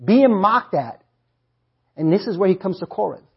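A man delivers a sermon in a husky, fairly high voice. He works through scripture and keeps pulling the congregation in with questions they answer back. The sound is muffled and lo-fi. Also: big pitch swings, moderate pace. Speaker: preacher.

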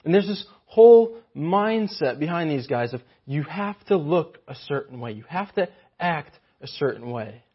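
A man's voice: on the high side, big pitch swings, moderate pace, few pauses, breathy edge, lo-fi sound. A man preaching a sermon with animation, often acting out mocking voices of the people he describes.

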